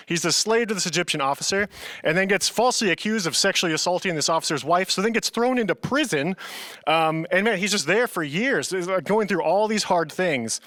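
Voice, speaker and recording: A man's voice: on the high side, pushed and bright, no room sound. A young man preaching a casual, earnest youth sermon, often saying "man" to his listeners. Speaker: youth pastor.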